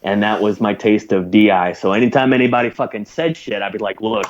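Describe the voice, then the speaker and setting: This former Navy corpsman, in his thirties, talks fairly quickly in a somewhat low voice whose highs are clipped. As a guest on a casual podcast, he tells a foul-mouthed anecdote with lots of energy, acting out the quoted lines.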